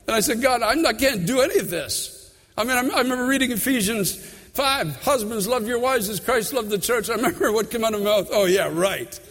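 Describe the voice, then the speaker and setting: A man preaching a sermon with his own testimony, fervent and repetitive, dropping to a hush and then building loud. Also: extremely high pitch, brisk, big-room sound. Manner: fervent, repeats phrases, swings between hushed and loud.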